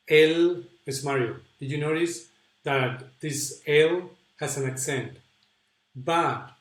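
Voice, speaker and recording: Slow, patient man teaching. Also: fairly high pitch, fairly bright tone. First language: Spanish. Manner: patient, repeats examples slowly, answers viewer questions. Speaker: Spanish teacher. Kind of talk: online webinar lesson. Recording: echoey room.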